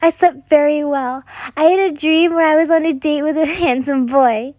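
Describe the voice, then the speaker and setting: A woman voicing a small excitable girl of about four who talks in a high, eager, pleading voice. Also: moderate pace, dry recording, studio quality, close to an everyday voice.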